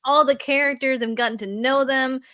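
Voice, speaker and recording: High, bright woman co-host, gushing fan energy. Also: steady tone, fairly quick, slight background noise. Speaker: podcast co-host. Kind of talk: casual podcast chat.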